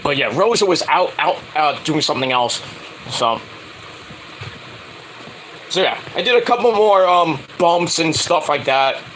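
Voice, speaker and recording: A man's voice: on the high side, expressive, unhurried, long pauses, noisy background. A middle-aged man telling a rambling casual story, full of filler words and restarts, acting out the lines he quotes. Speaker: wrestling show reviewer.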